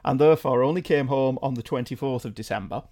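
A man's voice: medium pitch, fast, a little mellow. A middle-aged man from England hosting a podcast in casual chat, wry and self-mocking. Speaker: podcast host.

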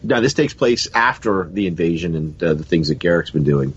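Husky, low-voiced podcast host with a cold. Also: male voice, animated, a little fast, highs cut off. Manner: rambling, self-correcting. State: has a cold. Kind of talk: casual chat.

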